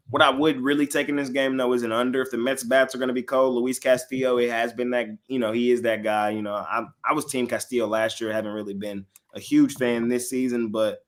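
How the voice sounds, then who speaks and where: A man hosting a sports betting show, giving casual picks to his live chat and repeating lines for emphasis. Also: medium pitch.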